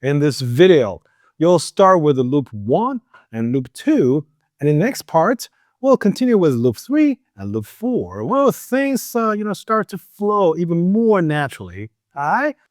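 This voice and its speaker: Lively non-native man coaching pronunciation. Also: fairly high pitch, unhurried, dry recording, clean studio sound. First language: not English. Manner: lively, coaching, many fillers. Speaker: English pronunciation teacher. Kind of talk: pronunciation lesson.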